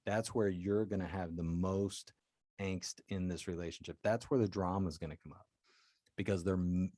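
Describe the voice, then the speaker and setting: A man's voice: low voice, warm tone, no room sound, clean studio sound. A man hosting a solo advice podcast as a life coach, talking earnestly and directly to his listeners.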